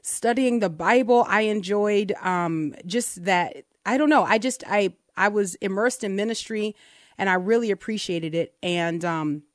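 A woman's voice: medium pitch, a little slow, no echo, studio quality. A woman in her thirties co-hosting a faith podcast, telling her story in a reflective, earnest way. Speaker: co-host. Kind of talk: casual faith podcast conversation.

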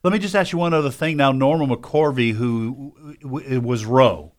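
A man co-hosts the studio talk show and asks the guest questions. He speaks haltingly, stopping and restarting often. His voice sits at an ordinary middle pitch. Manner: hesitant, halting, many restarts when asking. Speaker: radio co-host. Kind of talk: casual radio talk. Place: radio studio.

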